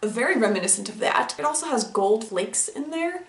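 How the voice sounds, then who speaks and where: A woman's voice: fairly high pitch, expressive. Chatty woman vlogging in an echoey room. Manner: chatty, rambling, quick to laugh. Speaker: beauty vlogger. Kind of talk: casual makeup vlog chat.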